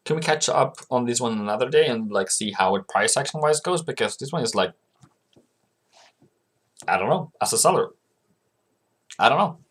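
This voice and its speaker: A man's voice: mid-range voice, animated, normal speed, pauses often, a bit bright, slightly rough. A man hosting a trading video, giving casual chart commentary and answering his own questions in a chatty way. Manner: asks himself questions and answers them; chatty, coaxes viewers as "mate". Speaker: forex trading channel host.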